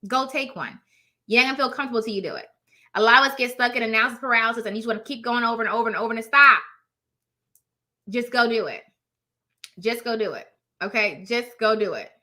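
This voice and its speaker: A woman's voice: on the high side, rapid-fire, sharp tone. A woman chatting casually on a live stream, coaching viewers bluntly in slang and repeating phrases for emphasis. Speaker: notary signing agent coach. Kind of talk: casual motivational live chat.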